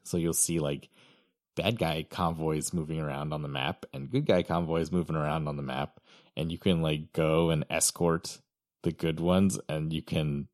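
A man's voice: rumbling low, no room sound. A man in casual gaming chat, laid-back and rambling with lots of fillers, on a close mic.

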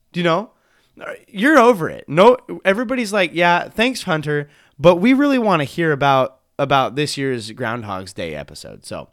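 A man hosting a casual comedy podcast, rambling and self-deprecating as he trips over his own restarts. His voice sits a little high and swoops around a lot, close and dry on the mic with no room sound. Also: a bit bright, dry recording. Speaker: podcast host.

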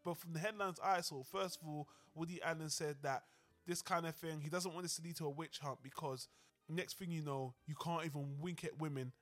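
A man co-hosting a casual podcast discussion, animated and heated, swearing freely. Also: a little high, brisk. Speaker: podcast co-host.

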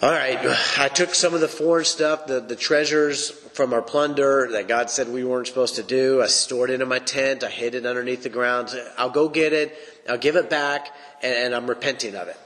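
A man's voice: medium pitch, steady tone, moderate pace, a bit bright, big-room sound, close to an everyday voice, low-quality recording. A man playing a guilty, sheepish confessor.

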